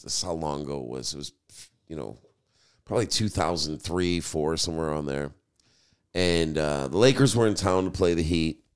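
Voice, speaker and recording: A man's voice: sits low, clear, resonant tone. A male podcast host in casual chat, telling a rambling anecdote full of "you know".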